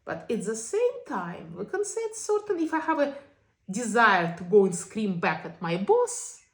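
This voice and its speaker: A woman's voice: medium pitch, very animated, moderate pace. A woman teaching a self-compassion session in English that is not her first language, often checking in with "okay?". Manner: non-native English phrasing. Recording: echoey room.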